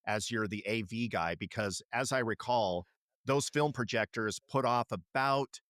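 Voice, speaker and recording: A man's voice: on the low side, unhurried, no echo, clean studio sound. A middle-aged man co-hosting a podcast, chatting casually and animatedly, swearing now and then. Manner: animated, swears casually, slips into kid-commercial impressions. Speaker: podcast co-host. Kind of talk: casual chat.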